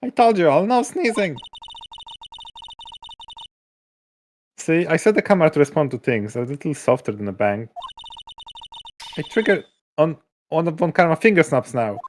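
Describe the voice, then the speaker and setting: A man's voice: on the high side, sing-song, fairly quick, a little hiss or hum. A man voicing a chatty male hot dog vendor, drawling and hesitant with fillers. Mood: stern. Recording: livestream with game music behind.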